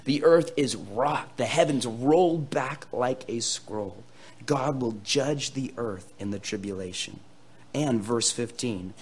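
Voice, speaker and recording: A man preaching a sermon, reading scripture dramatically and swinging between loud bursts and quieter asides to his listeners. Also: mid-range voice, takes it slowly, slightly rough. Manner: playful asides to the audience. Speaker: pastor.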